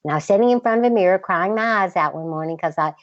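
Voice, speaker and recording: An older woman with a Southern accent, a guest in a relaxed interview, talking in a slow, patient drawl with a slightly girlish voice. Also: on the low side, dry recording, highs cut off. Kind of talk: casual interview chat.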